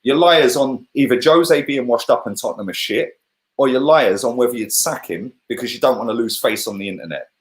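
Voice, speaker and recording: A man's voice: mid-range voice, a little fast. A man, a football fan pundit, ranting bluntly and combatively in heated, sweary chat. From England.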